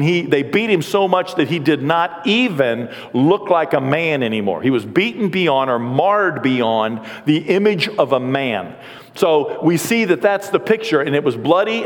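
A male pastor delivers an animated sermon with a high, lively voice. He acts out little voices and jokes along the way. The sound carries the long reverb of a large hall.

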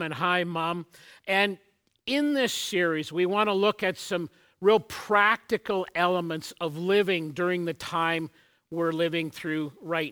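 A male pastor with a high, pushed, bright voice and clean tone delivers a sermon. He opens with a joke story before addressing his congregation, then moves into earnest teaching, with occasional restarts.

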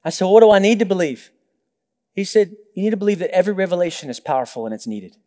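A man's voice: high-pitched, quick pace, dark tone. A young adult male pastor preaching a sermon, telling stories with acted-out quotes and joking asides. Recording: long reverb of a large hall.

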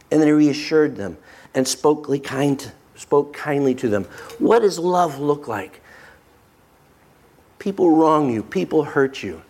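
A male pastor preaching a sermon, emphatic and swinging from animated to hushed. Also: a little high, slow pace, husky.

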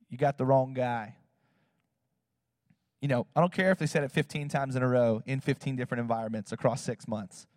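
A man, a pastor, telling a personal story in a sermon, animated and acting out what people said. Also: medium pitch, studio quality. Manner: animated, acts out quotes in other voices, fillers like "like" and "you know". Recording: long hall reverb.

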